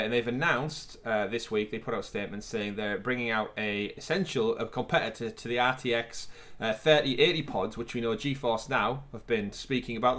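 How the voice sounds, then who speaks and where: A man's voice: mid-range voice, a bit bright. Male podcast co-host, casual, chatty, mid-range voice, fillers and laughs.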